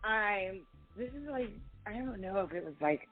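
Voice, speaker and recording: A woman in her forties tells her stories with an animated, laughing Valley girl lilt. Her voice sits mid-range for a woman. It comes through a thin, phone-like line. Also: medium pitch, moderate pace, soft background music. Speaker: podcast guest. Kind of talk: storytelling in a casual interview.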